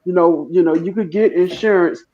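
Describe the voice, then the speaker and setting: A man's voice: high-pitched, brisk, dull audio. A man co-hosting a casual livestream chat, rambling and repeating himself with laughs.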